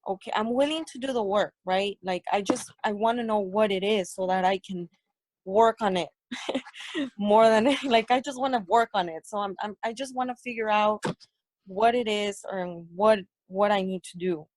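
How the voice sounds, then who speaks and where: A woman's voice: mid-range voice, normal speed, darkish tone, no echo. A woman hosting a conversational interview, speaking in an earnest, candid way. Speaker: host.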